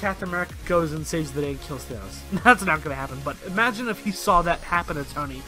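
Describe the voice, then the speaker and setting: A young man rants through his casual vlog in a high, bright voice, swearing freely. His energy is animated, and soft music plays faintly underneath. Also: fast talker. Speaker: host.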